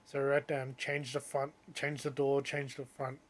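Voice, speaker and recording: A young Australian man telling a story in casual podcast chat, animated and full of "like" and "um", acting out the people he talks about. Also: medium pitch, slight background noise. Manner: animated, quick to act out the people in his story, many "like"s and "um"s. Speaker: podcast co-host.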